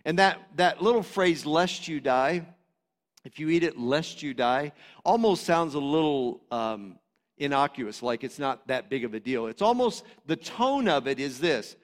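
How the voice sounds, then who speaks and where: A man preaches with real fervor, his voice sitting high and rising into loud, emphatic bursts before dropping back to a calmer teaching tone. The sound carries a long reverb, as from a large church sanctuary. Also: normal speed. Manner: passionate, swings between loud emphatic preaching and quieter explaining. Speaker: pastor. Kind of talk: sermon.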